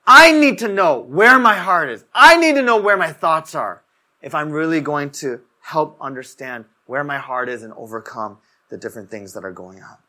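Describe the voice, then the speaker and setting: A young male preacher, his voice on the high side with big pitch swings, speaks at normal speed in a bright, forceful tone. His sermon feels conversational, full of casual stories and frequent uses of "like."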